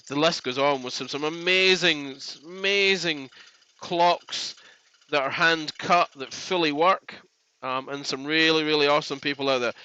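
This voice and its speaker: A man chats in a loose, joking ramble while hosting a woodworking stream from his workshop. His voice is crisp and fairly high for a man. The mic sits close and dry, and the stream sound is dull. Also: pushed and bright, no echo. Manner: chatty, rambling, jokey. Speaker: woodworking live stream host. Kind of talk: casual live stream chat. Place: home workshop.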